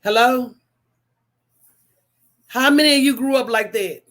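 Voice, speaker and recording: A woman hosts a casual livestream, telling stories in an animated, preachy way and tossing call-and-response asides to her viewers. Her voice is on the high side and she speaks a little slowly.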